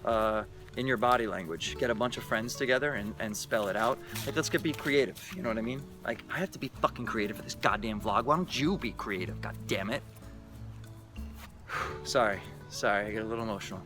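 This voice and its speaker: A man's voice: on the low side, fairly quick. Man, casual vlog, profane, mock-exasperated, selfie-stick camera, music behind. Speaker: vlogger.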